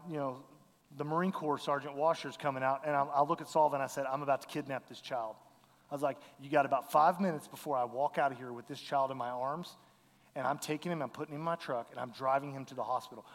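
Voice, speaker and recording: Man, missionary storytelling, earnest, conversational, slightly high voice, reverberant hall. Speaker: missionary speaker. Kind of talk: storytelling talk to a congregation.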